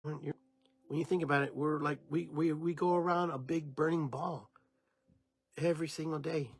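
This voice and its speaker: Husky-voiced man giving a spiritual monologue. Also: on the high side, fairly even intonation, normal speed, no room sound. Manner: meandering, reflective, with many restarts. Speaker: podcast host. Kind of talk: spiritual talk, unscripted monologue.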